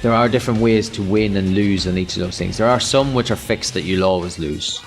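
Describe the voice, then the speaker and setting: A man's voice: on the low side, faint music behind. A man with an Irish accent co-hosting a podcast in a casual, rambling chat, often restarting his sentences. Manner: rambling, halting, many restarts. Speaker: podcast co-host.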